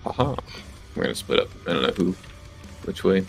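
A man with a very deep, gravelly voice, chatting easily while playing a game with friends. His pitch swings widely as he jokes and laughs. Now and then he reads the game text aloud. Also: big pitch swings, fairly quick, soft background music, poor audio. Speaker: streamer and player. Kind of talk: casual gaming chat.

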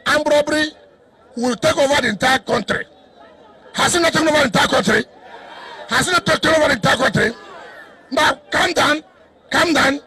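A man with a Nigerian accent, a state governor addressing a crowd in a loud, defiant, repetitive way. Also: very high-pitched. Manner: repeats himself, cuts in with "hold on"; defiant, declamatory.

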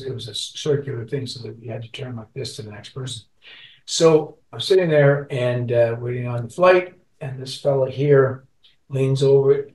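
A man's voice: medium pitch, a little mellow. Rambling older man, roomy and distant. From Scotland, raised in Canada. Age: 60s. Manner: rambling, many restarts and repeats. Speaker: guest musician. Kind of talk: interview storytelling. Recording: roomy sound, distant from mic.

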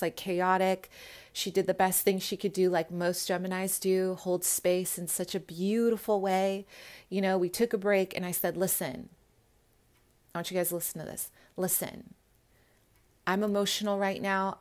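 Young woman vlogger, earnest and emphatic, mid-pitched, speaking straight to her viewers. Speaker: spiritual vlogger. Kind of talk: casual talk to camera.

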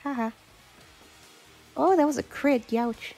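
A woman's voice: sits high, moderate pace, pauses often, dark tone, soft background music. A woman giving casual, giggly, chatty commentary while playing a video game. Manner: giggly, chatty, self-deprecating. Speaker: let's-play host.

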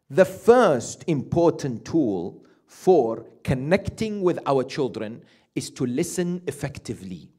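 Animated preacher man with lively pitch. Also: husky. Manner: animated, asks the audience questions and acts out quoted parents; recites Quranic Arabic quickly. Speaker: sheikh giving a Muharram lecture. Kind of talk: sermon.

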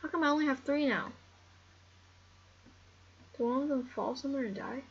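A woman giving casual, excitable game commentary, rambling and talking to the animals on screen. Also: sits high, normal speed, lo-fi sound. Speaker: gameplay commentator.

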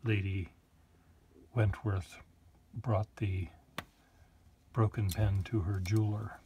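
A man's voice: fairly low pitch, fairly even intonation, slow, long pauses, warm tone, a little hiss or hum. A man casually showing his collection of old pens, rambling with joking asides. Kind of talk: casual show-and-tell.

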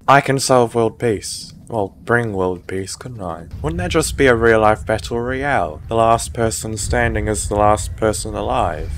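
A man giving live gameplay commentary, muttering sardonically and swearing in sudden outbursts. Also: fairly low pitch. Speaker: gaming YouTuber.

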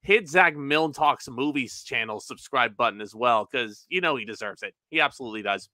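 A man's voice: medium pitch, expressive, normal speed, sharp tone, dry recording. A man appearing as a guest on a livestream, chatting casually and enthusiastically about his channel and making jokes. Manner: enthusiastic, self-promoting, jokey. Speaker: guest, YouTuber. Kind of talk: casual chat.

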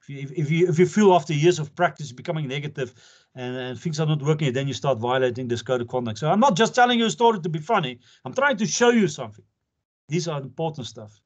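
Fast and animated, with a fairly high pitch, an older South African man, an advocate, delivers an informal lecture to pupils. He's earnest and jokey and laughs often, and the recording is dull and lo-fi.

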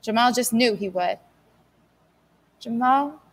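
A woman's voice: mid-range voice, a little fast, fairly bright tone. A woman steadily narrating a novel as an audiobook reader. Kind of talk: scripted narration.

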